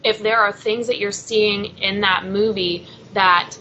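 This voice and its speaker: Woman, wrestler guest, bright clear tone, measured answers, faint background hiss. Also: mid-range voice, steady tone, highs cut off. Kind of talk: interview answers.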